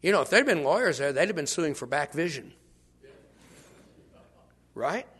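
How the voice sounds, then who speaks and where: An older man preaching a sermon, shifting from hushed asides to shouts as he acts out scenes. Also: fairly high pitch, normal speed, husky. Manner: animated, swings from hushed to shouting, acts out bystanders.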